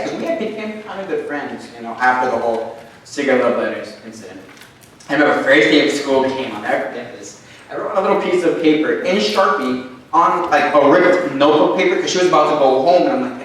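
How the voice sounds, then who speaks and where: A young man giving a youth sermon as a lively story, playing his younger self in sudden high, excited bursts. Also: a little fast, slight background noise. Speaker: youth speaker. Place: church sanctuary. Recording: very echoey church hall from far off.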